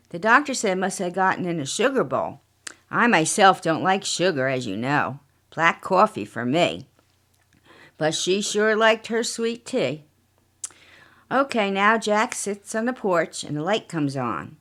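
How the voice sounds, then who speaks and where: A woman reading her own mystery story aloud as author and podcast narrator, unhurried and plain. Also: lowish voice, very animated, a bit bright.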